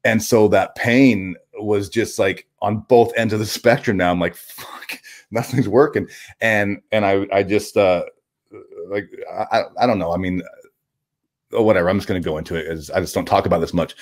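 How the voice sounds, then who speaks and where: A man being interviewed as a guest, telling a personal story candidly, halting often with restarts and casual swearing. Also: fairly low pitch, steady tone.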